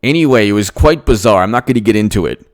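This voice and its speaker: Male political commentator, lively swooping delivery, emphatic and repetitive, rhetorical questions. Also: lowish voice, fast. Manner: animated, laughs between points. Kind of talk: opinionated political monologue.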